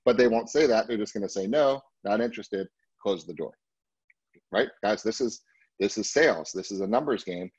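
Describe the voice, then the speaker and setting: A man's voice: lowish voice, a little fast, slightly rough, no echo, lo-fi sound. A man training a sales team, talking emphatically and casually and often checking in with the group. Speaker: real estate sales trainer. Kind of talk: live sales training session.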